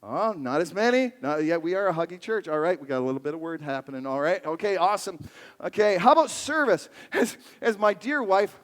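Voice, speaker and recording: Animated male pastor in a reverberant sanctuary. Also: high-pitched, a little fast. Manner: animated, playful, jokes with the congregation. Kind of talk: sermon. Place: large church sanctuary.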